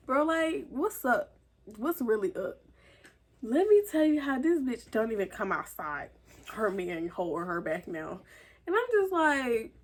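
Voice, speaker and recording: High-voiced young woman, animated storytelling. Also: moderate pace. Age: teens. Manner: animated, profane, acts out quotes in a higher voice. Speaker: vlogger. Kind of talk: casual storytime.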